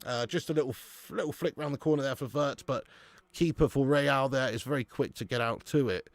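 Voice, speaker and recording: A man's voice: medium pitch, a little fast, no echo. A young man hosting a live football watch-along, chatting casually with viewers, laughing often and swearing freely. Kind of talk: live casual chat reading viewer comments.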